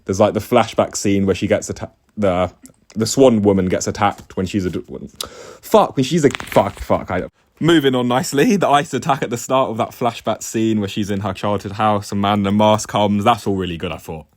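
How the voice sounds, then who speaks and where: A man's voice: on the low side, normal speed. A young man co-hosting a film review, casual and blunt, swearing and laughing often. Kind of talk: casual chat.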